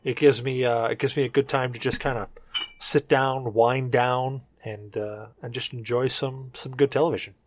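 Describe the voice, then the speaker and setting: A man's voice: medium pitch, normal speed. A man hosting a casual group podcast, rambling a little and a bit drunk. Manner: relaxed, rambling, tipsy. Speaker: podcast host.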